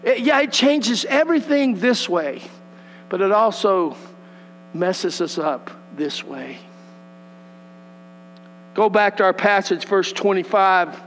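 Animated preacher in a reverberant hall. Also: male voice, high voice, takes it slowly, long pauses. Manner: animated, acts out scripture voices, folksy asides. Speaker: pastor. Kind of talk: sermon. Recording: long hall reverb with mains hum.

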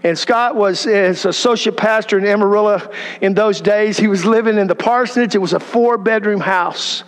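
A middle-aged pastor preaches in a church sanctuary, telling stories in a conversational way and putting rhetorical questions to the congregation. His voice sits high at a moderate pace, trailed by a long reverb tail.

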